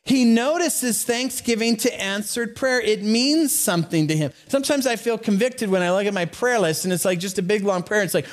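Middle-aged man, pastor in the pulpit, high voice, storytelling sermon with asides and chuckles. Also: normal speed, hardly any pauses. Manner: storytelling, animated with asides and small laughs.

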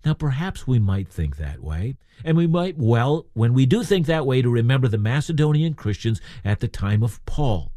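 Guy preaching a sermon, really expressive up-and-down voice, dry close sound, chatty and asks the audience stuff. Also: mid-range voice, normal speed, few pauses, dry recording. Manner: conversational, asks the listeners rhetorical questions.

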